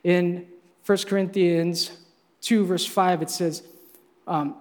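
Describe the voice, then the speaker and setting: A man preaching a sermon as pastor, energetic and playfully teasing his congregation. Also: sits high, takes it slowly, long reverb tail.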